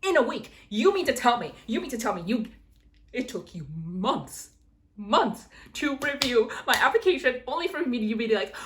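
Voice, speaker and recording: Sitting at her desk at home, a woman in her twenties vents sarcastically to camera in a casual vlog, breaking into sudden squeals. Her fairly high, fairly bright voice is very animated and moderately paced.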